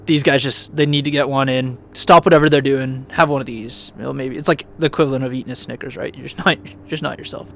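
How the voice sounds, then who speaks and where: A man's voice: mid-range voice, steady tone, fast talker, creaky, hardly any pauses, fairly bright tone, slight background noise. A man co-hosting a podcast, rambling and mocking himself in casual golf banter. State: teary right eye. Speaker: podcast co-host.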